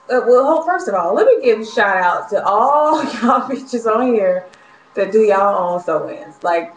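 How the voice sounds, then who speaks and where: Exasperated young woman venting in an echoey room. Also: medium pitch. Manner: exasperated, profane, laughing ranting. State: frustrated, worked up. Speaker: vlogger. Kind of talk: casual venting vlog. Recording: echoey room, faint noise.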